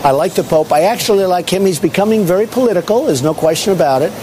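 A man's voice: sits high, animated, fast talker, darkish tone, slight background noise. A man answering a TV interview in blunt, repetitive short sentences. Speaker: interview guest.

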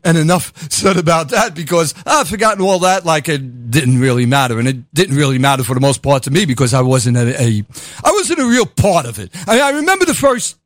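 A man's voice: fairly high pitch, no room sound. An older man hosting a radio show from his home studio, rambling in a sardonic, grumbling way with the odd curse. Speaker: radio host. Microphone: dynamic studio microphone.

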